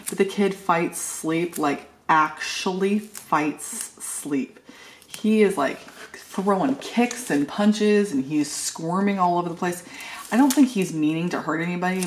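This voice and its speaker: A woman's voice: lowish voice, slight background noise. A middle-aged woman vlogging in a casual, rambling way, telling a family story with lots of filler words. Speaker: planner vlogger. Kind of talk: casual chat.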